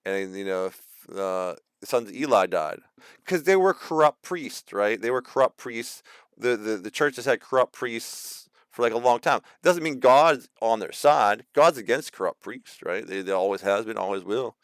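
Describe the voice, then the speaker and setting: A man's voice: lowish voice, expressive, moderate pace, smooth, no room sound. A man in his thirties, casually ranting in a rambling monologue full of fillers and restarts. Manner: acts out quoted voices mockingly. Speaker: video host.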